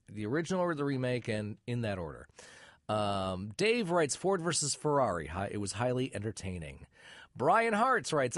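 A man's voice: mid-range voice, no room sound, studio quality. A man hosting a podcast, reading out listener messages with wry asides, and sounding middle-aged. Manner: wry, lively asides between quick read-outs. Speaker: podcast host.

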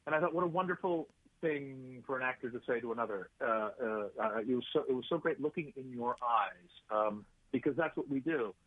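A man's voice: medium pitch, a little fast, no room sound. A man, an actor and writer, telling rambling anecdotes in a casual interview, full of fillers and restarts. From United States. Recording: tinny phone-like line.

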